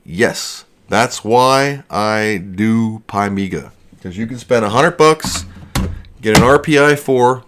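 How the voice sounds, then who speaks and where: A man's voice: mid-range voice, a little hiss or hum. A man hosting a casual livestream, out of breath, rambling and joking at his own expense. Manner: rambling, self-deprecating, jokey. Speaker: livestream host.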